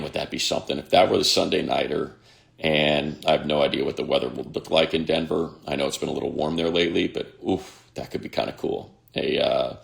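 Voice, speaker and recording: A very low, heavily gravelly male voice belongs to a sports radio host in his fifties. He chats loosely on a livestream, reading out viewer comments and rambling from one to the next. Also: a bit bright. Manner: reads viewer comments aloud, chatty and rambling. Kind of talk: casual livestream chat.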